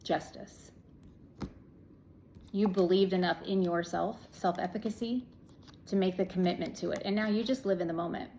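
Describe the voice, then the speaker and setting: A woman's voice: on the low side, brisk, warm tone, a little hiss or hum, rough recording. A woman giving a casual, chatty tarot reading to her viewers, affirming and blunt, with an occasional swear. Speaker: tarot reader.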